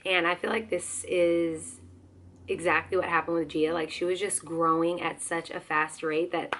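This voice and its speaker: A young woman vlogger with a hoarse voice, chatting casually and animatedly about her baby. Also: lowish voice, moderate pace, slight background noise. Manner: chatty, animated, slips into excited quoted voices. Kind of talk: casual chat.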